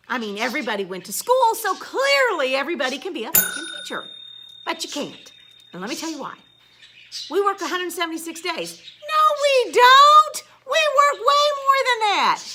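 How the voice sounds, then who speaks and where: A woman's voice: sits high, bright, forceful tone, a little hiss or hum. A woman teacher, ranting casually in a blunt, sarcastic way and swearing now and then.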